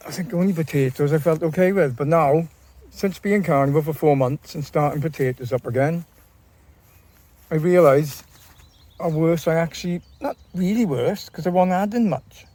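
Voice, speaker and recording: A man's voice: on the high side, normal speed, dark tone, no echo. A man vlogging in a casual, rambling way, often repeating and restarting his phrases. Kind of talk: casual talk to camera.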